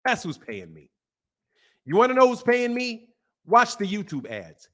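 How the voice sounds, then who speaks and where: A man with a high, light voice holds forth on a casual live stream. He talks to his chat in an animated, repetitive way, hammering the same point again and again. He laughs often between points. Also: a little slow. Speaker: boxing commentary host.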